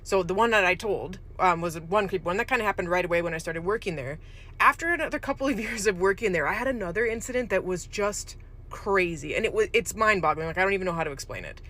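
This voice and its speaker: A nursing home worker tells a spooky story in a loose, rambling way, wandering through asides as it goes. The voice has a bright, forward ring, and the pitch sits in the middle of its range. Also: animated, quick pace. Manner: rambling, loose, with fillers and restarts. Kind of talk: casual storytelling.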